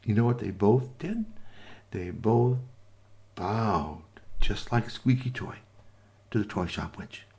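A man telling a children's story with lively, sing-song narration and playful asides to listeners. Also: lowish voice, slow, pauses often.

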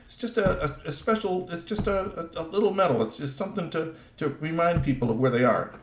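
Guy stalling with excuses, a storyteller doing the voice, raised pitch, echoey room. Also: brisk, slight background noise, lightly acted. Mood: evasive. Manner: hesitant, making excuses.

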